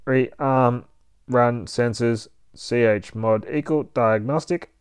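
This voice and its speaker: A man's voice: medium pitch, takes it slowly, smooth, no echo, natural voice. A man voicing a small, damaged blue robot that speaks in clipped robotic readouts and stammers with fear.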